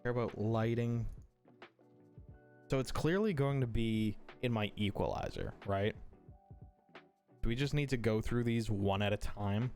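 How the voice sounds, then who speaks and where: A man's voice: fairly low pitch, very animated, a little slow, long pauses, darkish tone, soft background music. A man streaming live in casual chat, thinking aloud as he works, swearing offhandedly and apologizing often, into a streaming mic. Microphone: streaming mic through an audio mixer.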